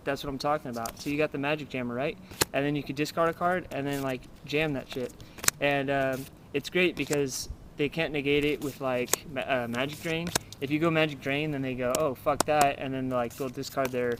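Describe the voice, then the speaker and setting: A young man casually showing off his card game deck, rambling and crude, acting out opponents with loud outbursts. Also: mid-range voice, noisy background. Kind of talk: casual profanity-laden deck profile.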